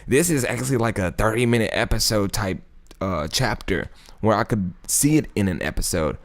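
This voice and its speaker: A man with a fairly low voice walks through a Bible chapter as if chatting with a friend. His tone is laid-back and full of slang, and he chuckles often as he retells the story. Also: normal speed. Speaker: YouTube Bible study host.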